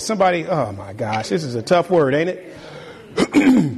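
High-voiced animated pastor preaching. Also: male voice, unhurried, husky, big-room sound. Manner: animated preaching, repeats phrases, talks to the congregation. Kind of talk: sermon. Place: church sanctuary.

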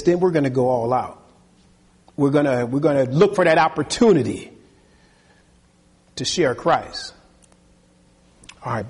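A man's voice: on the high side, a little mellow, husky, big-room sound. A male pastor delivering an earnest sermon full of repeated rhetorical questions, in a church.

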